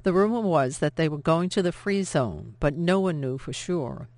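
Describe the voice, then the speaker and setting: Brief: measured novel narrator, mid pitch, dry studio read. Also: animated, darkish tone, no room sound. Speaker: audiobook narrator.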